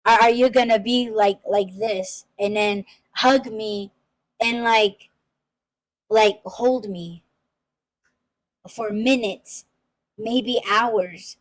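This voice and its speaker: A woman's voice: medium pitch, fairly even intonation, very slow, pauses often, poor audio. A woman hosting a casual podcast chat, talking emphatically with frequent restarts and swearing. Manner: emphatic, swearing freely, many repeated restarts. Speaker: podcast host.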